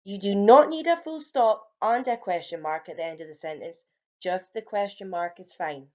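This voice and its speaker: Woman, young adult, primary teacher, clear patient classroom explaining. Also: mid-range voice, normal speed, muffled recording. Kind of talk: home learning grammar lesson for young children.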